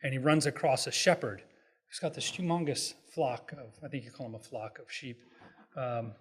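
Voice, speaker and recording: Relaxed middle-aged man lecturing. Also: mid-range voice, breathy edge. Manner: relaxed, self-deprecating, halting restarts. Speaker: guest speaker, economist. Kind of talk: public lecture with jokes. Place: hotel event room.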